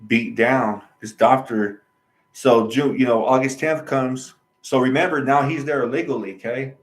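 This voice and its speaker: A man's voice: mid-range voice, steady tone, moderate pace, echoey room, rough recording. A man, host of his own channel, telling a personal story in a casual, emphatic monologue. He repeats himself and uses colloquial slang.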